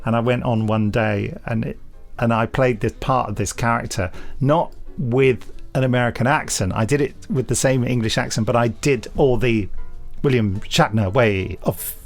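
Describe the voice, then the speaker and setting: A man's voice: mid-range voice, normal speed, creaky, few pauses, soft background music. A man co-hosting a podcast, chatting casually and telling stories with enthusiasm. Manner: animated, enthusiastic storyteller. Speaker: podcast co-host. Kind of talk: casual chat.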